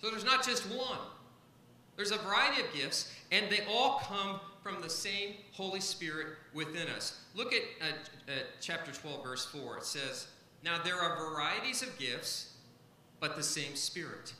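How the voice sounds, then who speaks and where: A man's voice: sits high, expressive, measured pace, pushed and bright, reverberant, slight background noise, poor audio. A man, a pastor, preaching a sermon to a congregation, stressing key points by repeating them. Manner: emphatic, repeats key phrases.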